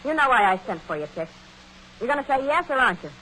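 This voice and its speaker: An actress playing a scornful, sharp-tongued wife who talks in snappy, sarcastic bursts, in 1940s radio acting. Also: female voice, high voice, sing-song, fast, poor audio. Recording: old radio broadcast with faint hiss.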